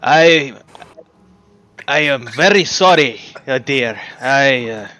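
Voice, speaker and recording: A man voicing a hearty middle-aged male dwarf brewer in a tabletop game, with a put-on Scottish accent and a loud, blunt way of speaking. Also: medium pitch, expressive, takes it slowly. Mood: apologetic.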